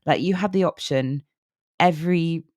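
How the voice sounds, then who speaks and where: A woman's voice: deep voice, moderate pace, darkish tone, no room sound, clean studio sound. A woman co-hosting a podcast, speaking supportively and earnestly in casual chat. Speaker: podcast co-host.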